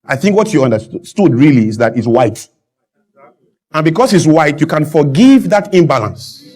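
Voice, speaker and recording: A man with a fairly high voice holds forth as a talk-show guest. He argues with emphatic, animated energy and pushes his points to loud peaks. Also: normal speed. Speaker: guest speaker. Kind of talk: impassioned talk-show discussion.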